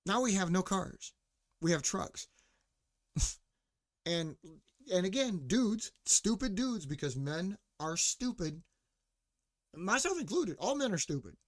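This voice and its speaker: A man with a high voice rants as a podcast host, swearing freely and mocking his listeners, with filler words everywhere. The sound is dry and close, with no room around it. He also breaks off now and then to answer someone off-mic. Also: expressive, takes it slowly, pauses often, no room sound. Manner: profane, mocking rant with frequent fillers; responds to chat or co-host mid-rant. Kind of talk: casual ranting monologue.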